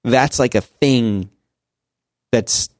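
A man's voice: mid-range voice, drawn-out words, darkish tone, dry recording, clean studio sound. A man in his forties chatting casually on a podcast, rambling with many restarts and fillers. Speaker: podcast co-host. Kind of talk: casual conversational chat.

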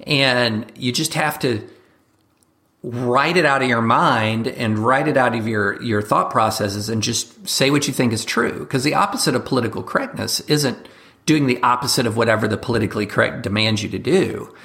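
Animated man talking politics as a guest. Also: medium pitch. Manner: quick, animated talk with mock voices for examples. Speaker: guest commentator and journalist. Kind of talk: casual conversational interview.

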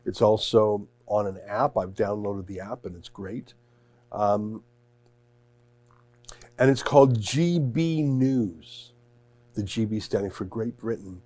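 Male talk host, mid-pitched, mellow tone, dry room, casual halting chat. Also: dry recording. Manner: conversational, hesitant with fillers and restarts.

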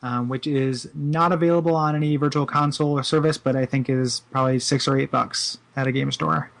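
A man's voice: mid-range voice, steady tone, a little fast, gravelly, a bit bright. A man co-hosting a casual podcast, enthusiastic and stumbling over repeated words. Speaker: podcast co-host.

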